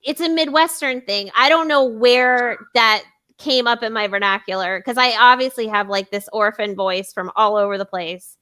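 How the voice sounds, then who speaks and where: A woman's voice: on the high side, steady tone, normal speed, sharp tone, clean tone. A woman co-hosting a casual livestream chat, giggly and rambling, often poking fun at herself. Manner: giggly, rambling, self-deprecating. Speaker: co-host.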